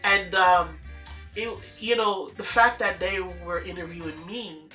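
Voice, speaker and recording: A woman with a bright, forceful voice tells a personal story casually. She acts out the dialogue with energy and laughs often. The room echoes around her, with faint music underneath. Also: fairly low pitch, steady tone, a little slow.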